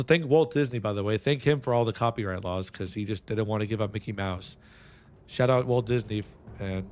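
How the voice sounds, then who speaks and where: A man's voice: on the low side, a little hiss or hum. A man from San Antonio, chatting casually on a livestream in a rambling, restless way, swearing freely. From San Antonio, Texas. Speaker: streamer. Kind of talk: casual stream chat.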